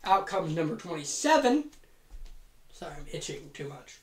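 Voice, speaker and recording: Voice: medium pitch, sing-song, normal speed. A host casually narrating an imagined wrestling event, rambling, joking and swearing freely. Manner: rambling, joking, profane, self-deprecating. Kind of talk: casual fantasy booking narration. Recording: roomy echo.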